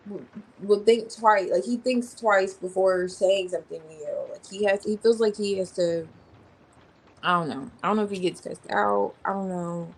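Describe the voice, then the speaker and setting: A woman's voice: medium pitch, husky, low-quality recording. A woman giving a casual tarot reading in an informal, slangy way, thinking aloud as she names the cards. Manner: rambling, thinking aloud while naming cards. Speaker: tarot reader.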